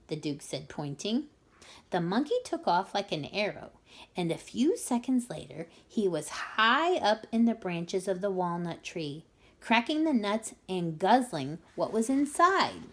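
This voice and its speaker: A woman reading tutor reading a children's book aloud with expressive storytelling. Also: mid-range voice, unhurried.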